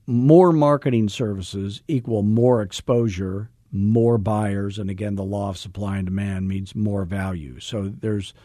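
A middle-aged man coaching real estate agents in a salesy, joking, energetic way. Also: on the low side, measured pace, few pauses, no echo, studio quality. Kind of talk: coaching podcast talk.

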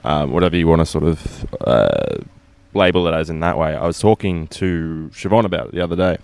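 A man's voice: rumbling low, expressive, fairly quick, vocal fry, a little mellow, no room sound. A man co-hosting a podcast, rambling casually about horror films with lots of fillers. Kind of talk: casual film discussion.

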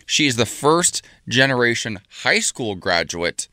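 A man's voice: medium pitch, very animated, a little slow, pushed and bright, no room sound, studio quality. A man hosting a radio show, chatting casually with a co-host and telling upbeat stories. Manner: easygoing, upbeat storyteller.

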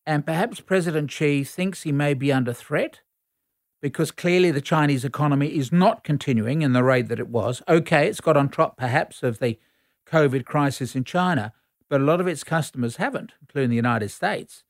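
Measured man explaining. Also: a little high, no room sound, clean studio sound. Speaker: foreign affairs commentator. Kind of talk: radio interview answers.

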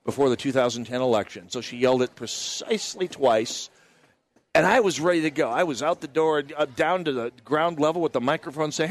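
Broadcasting live from a state fair booth outdoors, this talk radio host from Minnesota has a fairly high-pitched voice and a brisk pace. He uses a broadcast mic and headphones, and his chatty storytelling wanders with frequent restarts and side comments.

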